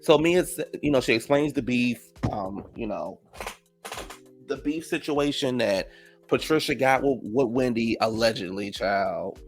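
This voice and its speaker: A man casually recapping a reality TV episode, gossipy and profane, reacting loudly to the drama. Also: medium pitch, measured pace, soft background music.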